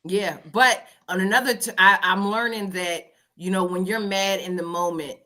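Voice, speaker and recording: A woman's voice: mid-range voice, steady tone, normal speed, pushed and bright. A woman co-hosting a casual podcast chat, earnest and giving advice. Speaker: podcast co-host.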